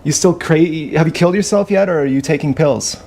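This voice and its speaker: A man's voice: fairly high pitch, fast, vocal fry, a little mellow, a little hiss or hum. A man putting on the voice of a mean male friend who taunts him in a sneering way. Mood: taunting.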